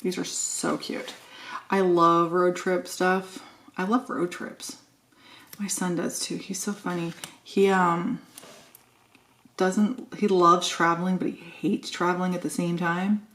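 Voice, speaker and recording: Unhurried woman thinking aloud. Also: on the low side, little pitch movement, fairly bright tone. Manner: chatty, thinking aloud, self-deprecating. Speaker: planner vlogger. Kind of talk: casual chat while decorating a planner.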